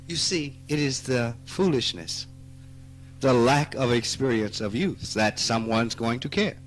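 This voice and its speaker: A man with a Southern US accent giving a spiritual talk, slow and emphatic, teasing his listeners and rising into animated outbursts. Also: mid-range voice. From Mississippi. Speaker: spiritual teacher. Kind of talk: spoken dharma talk. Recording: archive talk recording with faint music.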